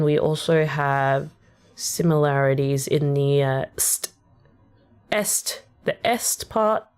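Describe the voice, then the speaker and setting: A woman's voice: fairly low pitch, smooth. A young woman with a general Australian accent, chatting casually and rambling with many fillers as she explains her rap lyrics on a stream. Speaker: VTuber streamer. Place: at home on a rainy day.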